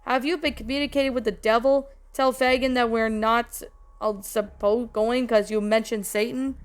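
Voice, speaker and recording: A woman's voice: a little high, steady tone, moderate pace, clean tone, natural voice. A woman voicing a street-smart male dog who leads his gang. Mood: alarmed.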